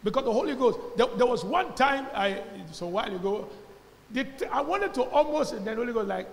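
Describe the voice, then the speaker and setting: A man with a Nigerian accent preaching a sermon as pastor, calling out to the congregation, sometimes shouting and sometimes dropping to quiet asides. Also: lively intonation, fairly quick, creaky. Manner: emphatic preaching, calls to the congregation, swings from loud shouts to low asides. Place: church hall. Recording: long hall reverb, faint background noise.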